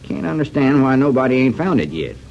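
An actor playing a blustery, self-pitying country storekeeper, in 1940s radio comedy acting. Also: male voice, mid-range voice, sing-song, fairly quick, creaky. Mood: aggrieved. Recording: lo-fi old radio recording.

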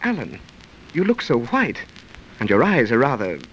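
An actor playing an earnest young stage actor and loyal friend in an old-time radio drama. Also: male voice, medium pitch, huge pitch swings, moderate pace, a bit bright, a little hiss or hum. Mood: concerned. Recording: dull lo-fi old radio recording.

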